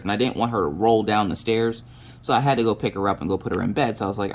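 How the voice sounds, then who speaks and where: Low-voiced woman, crackly morning voice. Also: fast. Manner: animated storytelling, swears casually. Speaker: crafting vlogger. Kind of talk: casual chat while crafting.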